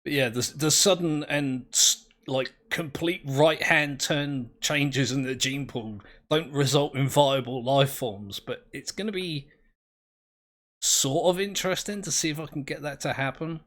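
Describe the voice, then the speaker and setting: A man's voice: mid-range voice, measured pace, a bit bright. A man, commentating his own game play in a rambling, self-mocking, easily amused way. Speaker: gameplay commentator.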